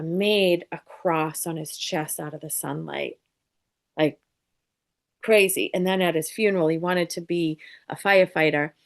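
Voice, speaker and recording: A woman guest on an interview show, telling lively, lighthearted stories and acting out quotes as she talks. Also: on the low side, creaky. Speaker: psychic medium guest. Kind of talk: casual interview storytelling.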